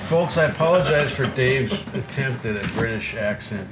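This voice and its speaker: A man's voice: medium pitch, animated, normal speed, noisy background. A man co-hosting a cigar review show, talking in a casual, playful and teasing way. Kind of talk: casual chat.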